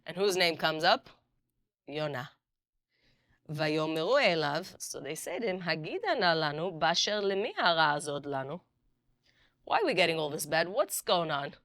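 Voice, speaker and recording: A middle-aged woman teaching a Bible class as a rabbanit, acting out the dialogue and reading verses quickly. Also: lowish voice, dry recording, clean studio sound. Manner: animated storyteller, acts out dialogue, reads Hebrew verses quickly. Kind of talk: lively Torah class with stories.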